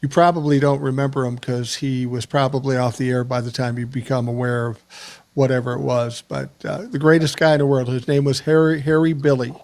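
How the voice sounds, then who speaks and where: A man's voice: mid-range voice, level tone, fairly quick, a little mellow. An older man hosting a podcast, chatting casually and telling stories with easy laughter. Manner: storytelling, laughs easily. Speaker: podcast host. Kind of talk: casual chat.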